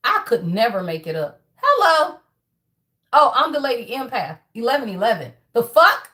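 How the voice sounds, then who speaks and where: A woman's voice: fairly high pitch, big pitch swings, pushed and bright. A woman doing a casual spiritual reading, talking emphatically and bluntly, swearing freely and calling out "y'all" at the end of almost every line. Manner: emphatic, profane, repeats "y'all" constantly; fast, preachy affirmations with rising bursts. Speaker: tarot reader.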